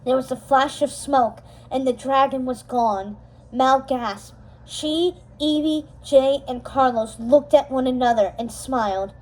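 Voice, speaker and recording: A woman reading a storybook chapter aloud, steady and expressive, slowing down for dramatic moments. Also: high-pitched, poor audio. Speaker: storybook reader. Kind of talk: storybook read-aloud narration.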